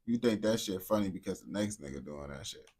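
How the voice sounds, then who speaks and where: A man's voice: low-pitched, expressive, a little fast, darkish tone. Blunt, profane man streamer. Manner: blunt, profane, slangy banter. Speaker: streamer reacting to clips. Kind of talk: casual reaction commentary.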